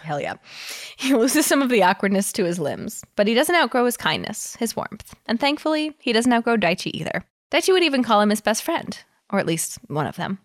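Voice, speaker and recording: A woman reads a story aloud in a casual podcast, her pitch leaping up and down as she voices the lines. She laughs often, and her voice sounds dry and close, with no room around it. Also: a little fast, no echo. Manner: giggly, reads dialogue with lively voicing. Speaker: podcast co-host reading fan fiction aloud. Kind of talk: casual chat and dramatic reading.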